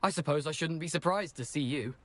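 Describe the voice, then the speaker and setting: A man's voice: fairly high pitch, a little fast, a bit bright, natural voice. An actor voicing a wry, self-mocking male ghost of a former student in a video game. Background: game music.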